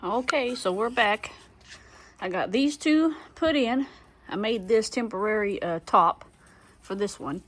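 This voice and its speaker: A woman's voice: medium pitch, measured pace, a bit bright. A woman, a homesteading vlogger chatting casually and straight to her viewers in a folksy way. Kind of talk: casual vlog chat. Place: homestead barn or coop.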